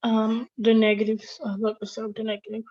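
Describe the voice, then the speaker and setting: A woman's voice: a little high, monotone, normal speed. A woman student answering in an online math lesson, hesitant and thinking aloud. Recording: dull lo-fi audio.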